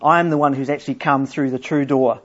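A middle-aged man preaching a sermon, explaining scripture earnestly and reading verses aloud slowly. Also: medium pitch, steady tone. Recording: dull lo-fi church recording.

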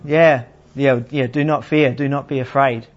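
A man preaching a sermon in a plain, unhurried teaching manner, asking his listeners questions. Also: medium pitch, fairly even intonation. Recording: slightly dull, lo-fi sound.

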